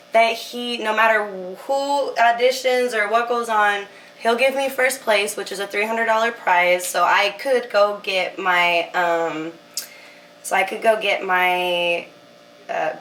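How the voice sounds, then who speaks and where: A young woman from Utah telling her story as a guest in a casual interview, animated and laughing often, with lots of filler words. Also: medium pitch, echoey room, far from the mic, slight background noise, low-quality recording.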